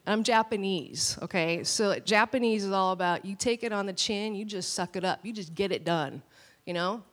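A woman pastor preaching a sermon with animated, storytelling delivery. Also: mid-range voice. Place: church hall. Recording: long church hall reverb.

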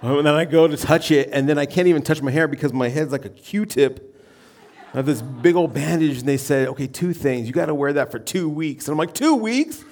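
Gravelly-voiced male pastor telling a story. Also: a little high, fairly even intonation, brisk, darkish tone. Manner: self-deprecating storytelling, acts out quoted voices. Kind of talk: sermon with personal story. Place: church.

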